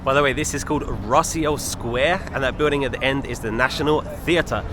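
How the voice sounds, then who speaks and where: A young man walks through a city with a handheld camera, chatting easily to his viewers as he goes. His voice sits at a middling pitch with a relaxed, conversational flow. A faint hum of street traffic stays underneath. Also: normal speed. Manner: chatty and easygoing, addresses viewers directly. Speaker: travel vlogger. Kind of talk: casual walking vlog narration. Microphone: handheld camera while walking. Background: faint street and traffic noise.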